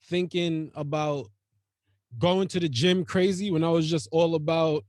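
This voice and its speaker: Man, podcast host, high voice, profane slang, laughing, dry close sound. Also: steady tone, a little slow, dry recording. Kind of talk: casual podcast chat.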